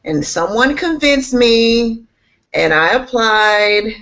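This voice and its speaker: Her voice sits a little high, expressive and fairly bright, and she speaks at a slow pace. An instructional technology specialist, she laughs often and sounds bubbly and enthusiastic in a casual interview recorded in slightly muffled lo-fi.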